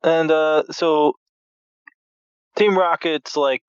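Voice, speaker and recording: A man appearing as a podcast guest, calmly retelling part of a cartoon episode in casual talk. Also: medium pitch, measured pace, smooth, dry recording, highs cut off.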